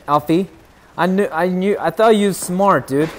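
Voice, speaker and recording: A young man streaming a shooter game live, chattering excitably and teasing his chat. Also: a little slow, faint music behind. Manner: excitable, yelps in sudden high bursts.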